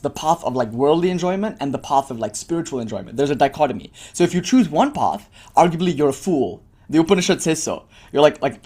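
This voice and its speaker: A man teaching a weekly class, giving an earnest spoken lecture full of animated explaining and frequent asides. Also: medium pitch, slightly rough.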